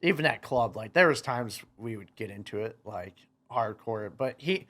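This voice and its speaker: A young man in his twenties with a slightly low voice tells a story in an easygoing podcast chat. He rambles, leans on "like" constantly and acts out what he and others said. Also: expressive, moderate pace, a bit bright. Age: 20s. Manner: rambling, many "like" fillers, quoting himself. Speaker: guest, motocross racer.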